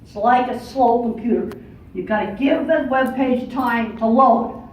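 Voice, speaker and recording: A woman's voice: a little high, a little slow, a little hiss or hum. Blunt older woman lecturing in echoey hall. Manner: blunt, matter-of-fact, emphatic. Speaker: speaker giving a lecture. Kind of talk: conference talk. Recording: far-off echoey hall, dull lo-fi audio.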